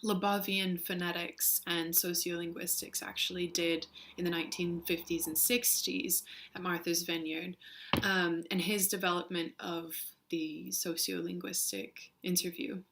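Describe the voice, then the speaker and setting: A woman's voice: on the low side, flat delivery, fairly bright tone, a little hiss or hum. Chatty young woman. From Western United States. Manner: chatty with frequent ums, reads a word list slowly. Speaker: vlogger, linguistics student. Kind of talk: casual video diary.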